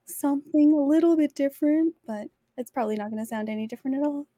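A woman's voice: sits high, fast talker, warm tone, no echo, clean studio sound. A woman, a nurse, chatting in a bubbly, friendly way as a player. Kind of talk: casual chat.

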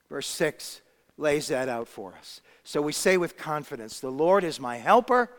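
A pastor preaching a sermon, swinging between loud emphasis and hushed quiet. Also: male voice, on the high side, expressive, measured pace. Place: church sanctuary. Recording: long hall reverb.

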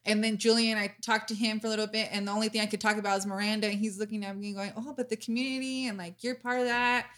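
A chatty woman hosting a casual podcast conversation, her voice bright and forward. She gushes freely and leans on lots of "like" and "um" as she talks. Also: mid-range voice, little pitch movement, fast talker, hardly any pauses. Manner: chatty, gushing, full of fillers. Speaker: podcast host. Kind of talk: casual chat.

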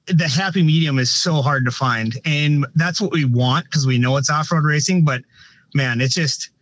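A man's voice: fairly high pitch, normal speed, fairly bright tone. A man who directs races, talking casually on a podcast, rambling with frequent restarts and filler phrases. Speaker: race director.

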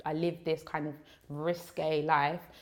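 Young woman guest, low voice, blunt and chatty, filler-heavy. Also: little pitch movement, darkish tone. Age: young adult. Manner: outspoken, talks in quick run-on bursts with many fillers. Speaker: guest, faith content creator. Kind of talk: casual podcast chat.

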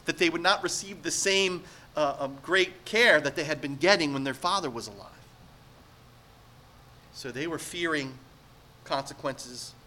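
High, bright-voiced preaching man. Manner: earnest, emphatic preaching with rhetorical questions. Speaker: pastor. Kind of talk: sermon.

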